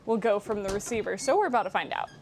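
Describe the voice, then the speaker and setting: A woman's voice: medium pitch, lively intonation, very fast, background noise. A woman streaming live from home on a wireless mic, chatting casually and playfully, swearing now and then. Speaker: streamer and voice actress. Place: home, in a pouring tent and around the house. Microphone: wireless mic on a receiver.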